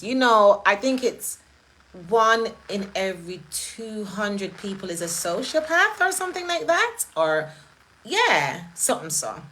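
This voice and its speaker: Bright-voiced woman chatting. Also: mid-range voice, low-quality recording. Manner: chatty, animated, laughs often and jumps into patois impressions. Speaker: event host. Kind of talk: casual monologue.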